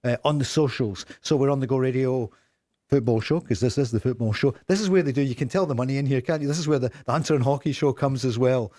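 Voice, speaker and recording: A man's voice: mid-range voice, warm tone, dry recording. A man with a Scottish accent hosting a live radio football show in a studio, chatty and jokey as he runs through the news. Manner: chatty, jokey, fast-moving presenter.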